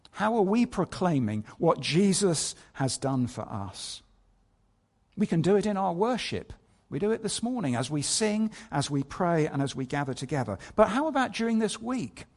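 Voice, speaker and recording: Guy preaching a sermon, voice bouncing up and down a lot, lots of rhetorical questions. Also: fairly high pitch. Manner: asks many rhetorical questions; storytelling delivery with scripture readings.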